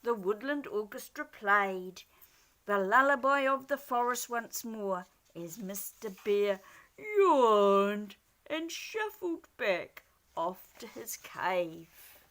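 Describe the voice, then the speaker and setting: A woman reading a children's picture book aloud in an expressive, animated way. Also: fairly high pitch, slow. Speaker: storyteller.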